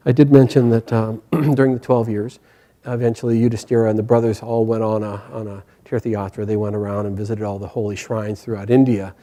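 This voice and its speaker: Gentle, hesitant male spiritual teacher. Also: lowish voice, flat delivery, fairly quick. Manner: hesitant, gentle, many fillers. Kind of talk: storytelling spiritual class.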